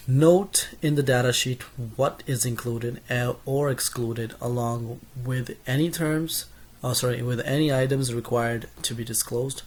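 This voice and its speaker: A young man reading through course notes as a casual spoken summary, reading lists steadily with small self-corrections and asides. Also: medium pitch.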